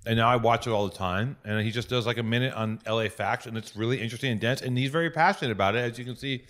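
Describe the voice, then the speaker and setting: A man's voice: medium pitch, rapid-fire, fairly bright tone. A man hosting a podcast, telling rambling, profane stories in casual chat. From Los Angeles. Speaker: podcast host.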